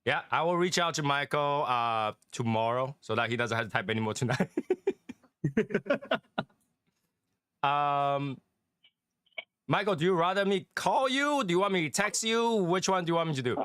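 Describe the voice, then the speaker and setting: A man's voice: a little high, animated, moderate pace, pauses often, a bit bright, clean tone, dry recording, clean studio sound. A middle-aged man from Connecticut hosting a casual chat, rambling and joking with frequent laughs. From Northeast Connecticut. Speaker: host.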